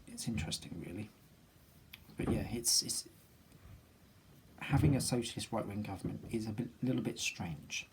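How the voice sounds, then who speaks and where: A man from Britain muses aloud in a casual vlog, circling back with ums and restarts. His pitch sits in the middle of the male range. A clear hiss runs under the homemade recording. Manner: rambling, many ums and restarts, musing aloud. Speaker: vlogger. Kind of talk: casual personal video diary.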